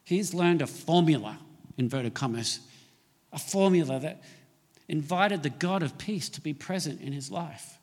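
A man preaching a sermon in a fairly high voice, leaning hard into his key points as his tone rises. The sound carries a long reverb of a church hall. His delivery is emphatic and earnest. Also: expressive, a little slow, a little mellow. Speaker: pastor.

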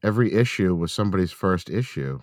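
Low-voiced male co-host, lively pitch, crude joker, laid-back banter. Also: fast, dry recording, studio quality. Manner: joking, crude, calls people dude and bro. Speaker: podcast co-host. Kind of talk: casual chat.

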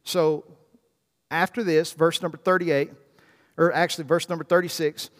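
Male pastor, high voice, dynamic preaching from hush to loud, echoing sanctuary. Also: moderate pace. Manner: animated preaching, swinging from hushed to loud. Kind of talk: sermon. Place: church sanctuary. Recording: long reverb in a church hall.

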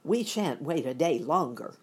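A woman's voice: low voice, expressive, moderate pace, darkish tone, husky. A woman voicing a male scarecrow, plaintive and grieved. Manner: plaintive, wailing. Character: grieving male scarecrow who wants brains.

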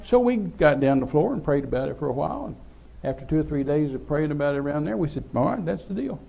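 A man's voice: a little high, animated, fast, creaky, mellow. An older man, telling a rambling, folksy story as a preacher. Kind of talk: sermon storytelling.

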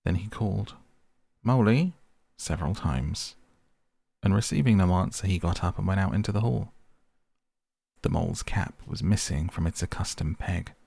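Male storybook narrator, very low and gravelly, husky, dry close sound. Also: normal speed, mellow, no echo. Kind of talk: storybook reading.

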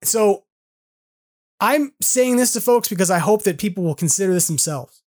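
A man's voice: sits high, animated, moderate pace, darkish tone. Earnest man in his forties ranting. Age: 40s. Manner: earnest, frustrated ranting with many "like" fillers. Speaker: podcast host. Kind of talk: solo podcast monologue.

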